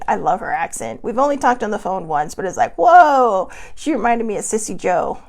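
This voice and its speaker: A woman's voice: medium pitch, very animated, normal speed, vocal fry, few pauses. A middle-aged woman hosting a casual self-help vlog from her desk at home, talking candidly and rambling with many fillers. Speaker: host.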